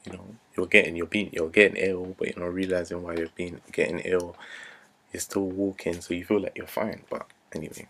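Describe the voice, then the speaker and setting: Deep gravelly young man. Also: flat delivery, fairly quick, fairly bright tone, slight background noise. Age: 20s. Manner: earnest, repetitive, drops to near-whisper. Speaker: vlogger. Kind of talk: unscripted rant to camera.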